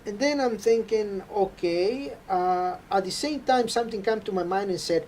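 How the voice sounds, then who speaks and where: A man telling an earnest, halting faith testimony. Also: high voice, darkish tone, a little hiss or hum. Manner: halting, earnest storytelling with frequent hesitations. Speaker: interview guest.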